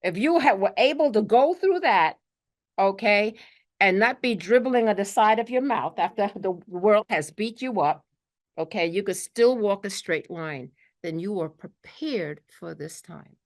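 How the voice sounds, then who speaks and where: Woman, Brooklyn accent, spiritual teacher, earnest, keeps saying okay, middle pitch. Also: animated, unhurried. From New York. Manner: earnest, peppers talk with "okay", acts out quotes. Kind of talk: spiritual talk to a group.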